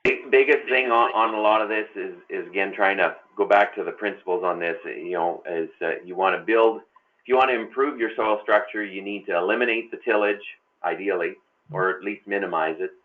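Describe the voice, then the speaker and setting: A man's voice: on the low side, fairly quick. A man speaking on a panel in an online webinar, folksy and prone to repeating words and restarting. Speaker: agronomy panelist. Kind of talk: webinar discussion. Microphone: video call. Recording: tinny phone-like call line.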